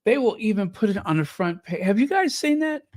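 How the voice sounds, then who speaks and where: A man's voice: sits high, sing-song, a little fast, darkish tone, no room sound. A man hosting a commentary channel, talking casually in a sarcastic, mocking way and rambling with many fillers and restarts.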